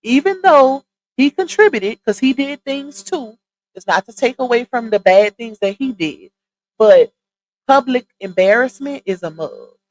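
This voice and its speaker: A woman's voice: on the high side, animated, a little slow, rough recording. A woman speaking, hosting a live stream and giving casual, emphatic commentary to her viewers. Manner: chatty, emphatic, addresses viewers directly.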